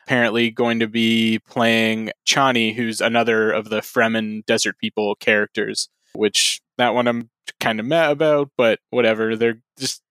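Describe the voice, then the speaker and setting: A man's voice: mid-range voice, clear, resonant tone, dry recording. Guy co-hosting a nerdy podcast, chill, cusses a lot, dry close mic. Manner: relaxed, swears freely, laughs often. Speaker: podcast co-host. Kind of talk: casual podcast chat.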